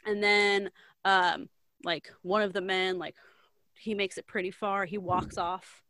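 A woman in casual chat, retelling a story in a rambling, animated way, filling every pause with "like". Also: mid-range voice, no echo. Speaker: co-host recapping a book.

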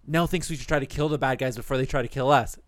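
A man's voice: mid-range voice, fast talker, dry recording, clean studio sound, voice pushed down, close to an everyday voice. A man voicing a childlike little girl who talks about herself in the third person, sounding whiny and plaintive, while recapping a cartoon.

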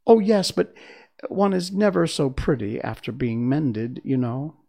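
A man voicing a small, timid china princess with a high, fearful, fragile voice. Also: lively intonation, unhurried, vocal fry, warm tone. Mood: frightened.

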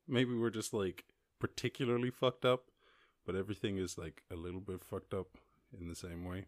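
An Irish man hosting a casual solo podcast, reading news and rambling with lots of swearing and squeaky silly voices for other people. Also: steady tone, normal speed, dry recording, clean studio sound. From Ireland. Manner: rambling, profane, jumps into high squeaky voices for quoted people and animals. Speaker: podcast host.

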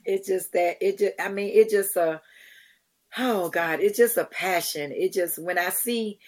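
Woman guest, middle-aged, lively storyteller who acts out each quote, casual interview chat. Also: on the low side, a little slow. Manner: animated, acts out quotes, many restarts. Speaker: guest, charity founder. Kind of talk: conversational storytelling.

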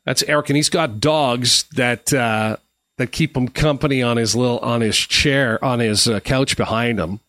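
A middle-aged Canadian man hosting a live stream, telling stories in a loose, rambling way with plenty of "uh"s and restarts. His voice sits at an ordinary middle pitch. The sound is close and dry, with no room around it. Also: moderate pace, fairly bright tone, no echo. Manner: chatty, rambling anecdotes with frequent restarts and fillers. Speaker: host. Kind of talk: casual storytelling on a live stream.

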